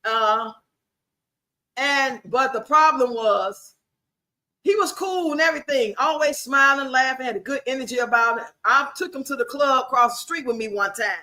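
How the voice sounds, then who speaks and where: A woman hosting a livestream tells sassy personal stories casually to her live chat, laughing and talking back to viewers. Her voice is high-pitched and sharp, at a normal speed.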